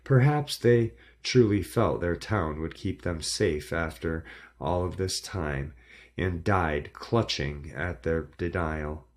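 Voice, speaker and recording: Man, very low voice, horror story narration, measured and dramatic delivery.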